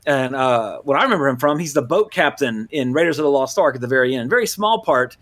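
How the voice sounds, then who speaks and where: A man's voice: medium pitch, expressive, fast talker, a bit bright. A man from Louisiana, hosting a movie podcast in loose casual chat, full of fillers and self-corrections. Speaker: podcast host.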